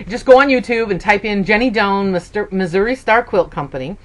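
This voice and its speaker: A woman in her fifties telling stories in a casual, chatty way, with lots of "okay"s, and jumping her voice up for quoted lines. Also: brisk. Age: 50s. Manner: acts out quoted voices with big pitch jumps. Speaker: sewing vlogger. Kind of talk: casual chat.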